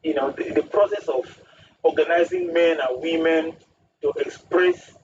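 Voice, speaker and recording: A man's voice: fairly high pitch, a little slow. A man, a guest on a radio talk show, speaking emphatically and using proverbs. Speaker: studio guest. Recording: distant muffled radio studio with hiss.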